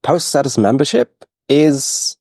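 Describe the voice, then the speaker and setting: A man hosting a podcast interview, asking short questions in a relaxed way. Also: mid-range voice, measured pace, slightly rough, no room sound, clean studio sound. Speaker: podcast host. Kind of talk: conversational interview.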